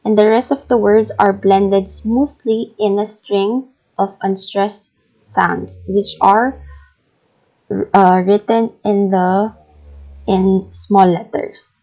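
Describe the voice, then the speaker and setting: A Filipino woman teacher talks through a recorded lesson at an unhurried pace, patient and deliberate, saying example phrases slowly. Her voice is mellow, and the recording is dull and lo-fi. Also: mid-range voice, steady tone. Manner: patient and deliberate, many fillers, models phrases aloud slowly. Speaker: English teacher.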